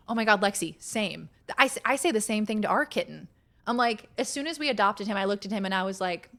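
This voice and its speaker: A woman's voice: medium pitch, expressive, fast talker, a bit bright. A young adult woman streaming a game, chatting casually with viewers, thinking aloud, laughing often and swearing now and then. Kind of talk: casual live-stream chat while gaming.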